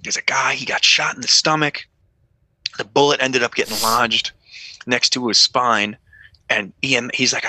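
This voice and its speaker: A man's voice: mid-range voice, moderate pace, husky, no room sound. A man, a former police officer telling stories in a casual podcast chat, swearing freely and acting out the voices in his stories. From New York. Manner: profane, animated, acts out dialogue.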